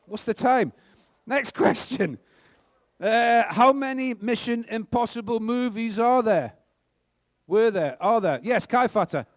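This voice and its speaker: Male NZ quiz host, very high pitch, quick joking delivery, dry recording. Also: animated, dry recording. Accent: New Zealand. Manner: brisk, joking, sarcastic asides. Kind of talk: live school quiz hosting.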